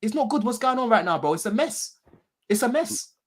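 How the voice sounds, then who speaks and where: A man's voice: extremely high pitch, very animated, a little fast, crowd noise. A man, casually talking football on a fan podcast, slangy and given to swearing and repeating himself. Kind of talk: casual banter.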